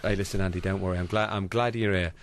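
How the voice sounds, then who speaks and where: A man's voice: deep voice, fairly even intonation, very fast. A man hosting a radio interview in a studio, teasing his guest in a jokey way. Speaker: radio host.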